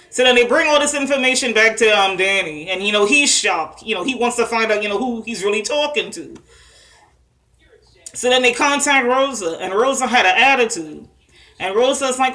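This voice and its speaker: A woman talks through a TV episode in a loose, chatty way, stopping for fillers and little asides. Her voice is bright and sits a bit high. She sounds like a vlogger telling friends what happened. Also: normal speed. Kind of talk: casual recap monologue.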